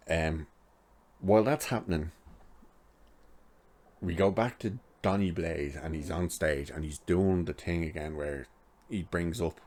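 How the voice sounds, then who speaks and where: In a bass voice with a darkish tone and measured pace, a man reviewing TV casually walks through an episode. The recap wanders and is full of filler "like"s.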